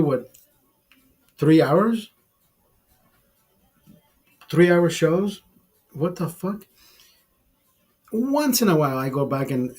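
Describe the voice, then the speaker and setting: A man's voice: a little high, darkish tone. Profane man rambling on a livestream. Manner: profane, rambling, laughs at his own jokes. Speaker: livestream host. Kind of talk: casual livestream chat. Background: bar setting.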